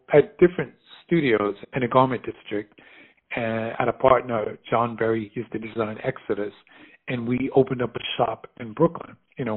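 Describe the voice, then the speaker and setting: Middle-aged American man, husky voice, spirited storyteller who laughs easily; narrow phone-like audio. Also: mid-range voice. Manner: animated, laughs often, lively retelling with quoted voices. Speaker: fashion designer guest. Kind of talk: casual storytelling conversation.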